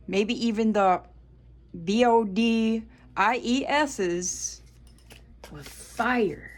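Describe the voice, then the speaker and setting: A woman's voice: fairly high pitch, slow, long pauses. A woman with a Southern US accent giving a solo tarot reading, talking bluntly, swearing freely and addressing her viewers as Collective. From United States. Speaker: tarot reader.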